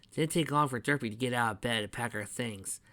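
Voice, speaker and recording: A man reading his fan fiction aloud in the first person, plain and steady. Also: mid-range voice, brisk, no room sound. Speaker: narrator.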